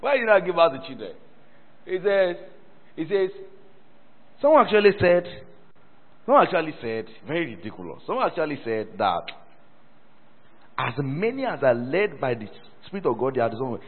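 Animated preacher in an echoey hall. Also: male voice, on the high side, normal speed, pauses often. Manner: animated, calls for congregation responses; mocking, laughing asides. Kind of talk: sermon. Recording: echoey hall over a tinny phone-like line.

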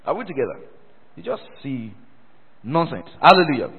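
A man preaches with a lively voice that swings high and low, breaking off to call for responses from his congregation. His tone is a little husky, and his words ring out in a long hall echo. The sound comes over a thin, phone-like line. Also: moderate pace. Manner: animated, calls for congregation responses; mocking, laughing asides. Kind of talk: sermon.

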